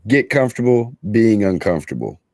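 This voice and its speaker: A man's voice: on the low side, big pitch swings, fairly quick, darkish tone, no echo, studio quality. A man hosting a podcast, laid-back and affectionate in casual chat, swearing casually. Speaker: podcast host.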